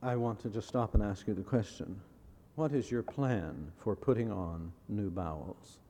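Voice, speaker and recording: A man preaching a sermon in a measured way, repeating key phrases and putting rhetorical questions to his listeners. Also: fairly low pitch, warm tone, big-room sound. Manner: asks the audience rhetorical questions.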